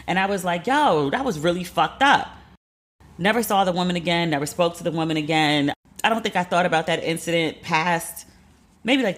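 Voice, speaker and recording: Profane, animated woman telling a story. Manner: candid and profane, acts out quotes with lively jumps in pitch. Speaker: podcast host. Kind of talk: casual storytelling monologue.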